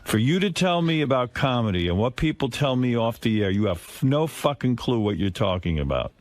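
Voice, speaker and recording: A man's voice: mid-range voice, sing-song, brisk, a little mellow. A male radio host in a heated studio exchange, blunt and profane, hammering out each point as he reads a quote back. He keeps pressing and does not let his guest off the hook. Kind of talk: confrontational studio talk.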